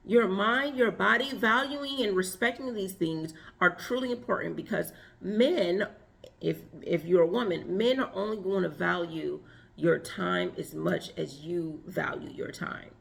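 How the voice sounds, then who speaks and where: A woman's voice: mid-range voice, creaky, a bit bright. A woman coaching viewers on relationships, talking earnestly and stressing points with repeated lists. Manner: earnest, emphatic, lists with repetition. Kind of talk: advice talk to camera.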